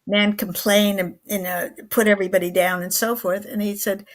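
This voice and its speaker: An older woman in her eighties tells a story as a talk show guest. She speaks earnestly and vividly, at an ordinary middle pitch. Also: little pitch movement, normal speed. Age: 80s. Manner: earnest, vivid storyteller who acts out quoted lines.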